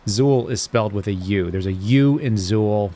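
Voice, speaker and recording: A man's voice: fairly low pitch, moderate pace, mellow. An American man hosting a live stream, joking with his viewers and a reporter in the field. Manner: jokey, wry, talks to chat viewers. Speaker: livestream host. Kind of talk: casual live-stream banter.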